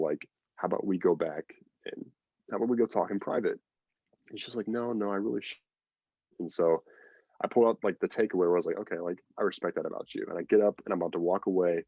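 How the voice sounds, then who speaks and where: A man's voice: low voice, a little mellow, husky, no echo, lo-fi sound. A man guest on a podcast, telling a long story in a rambling, casual way with lots of fillers and acted-out quotes. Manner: rambling, filler-heavy, acts out quoted lines.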